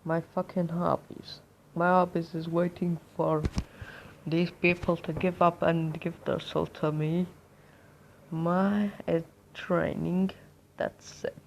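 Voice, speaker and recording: A vulgar young male death god read out by a woman in a homemade fan story. His low voice drags along, slow and gravelly, and he sneers and threatens everyone around him. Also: little pitch movement, highs cut off, a little hiss or hum. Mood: menacing.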